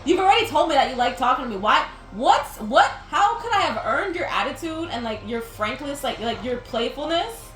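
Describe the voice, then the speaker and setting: Young woman, gameplay chatter, rambling, laughing, lively pitch, echoey room. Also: normal speed, few pauses. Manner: rambling, chatty, laughs a lot, says like often. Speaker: gaming video host. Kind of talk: casual chat while playing a game. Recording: roomy sound with game music behind.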